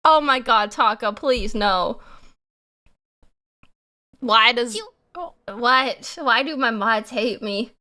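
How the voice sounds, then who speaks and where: A young woman streamer chatting casually with her viewers, giggly and animated, laughing often. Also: a little high, slow pace, long pauses. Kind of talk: casual live-stream chat.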